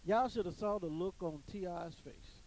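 A man's voice: sits high, normal speed, a little mellow, slight background noise, low-quality recording. A man telling a story to an audience in an emphatic, preachy way, often repeating his phrases. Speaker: commentator on church life.

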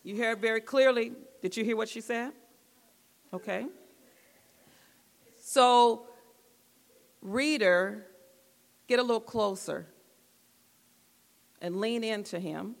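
Woman, church group leader, patient instructions, raspy fry, echoey room. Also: on the high side, slow, pauses often. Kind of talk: instructing a group exercise, devotional talk. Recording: long echoey hall reverb.

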